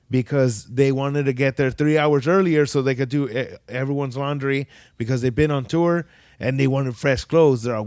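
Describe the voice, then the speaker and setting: A man's voice: mid-range voice, dry recording, studio quality. A man telling stories in casual podcast chat, swearing freely and acting out the people he quotes. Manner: profane storytelling, animated quoted voices.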